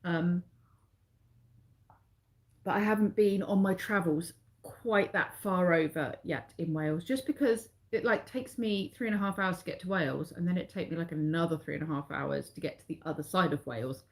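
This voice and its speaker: A woman's voice: fairly low pitch, normal speed. A middle-aged woman with an English accent, chatting casually with live viewers and rambling as she corrects herself along the way. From England. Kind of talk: casual live-stream chat.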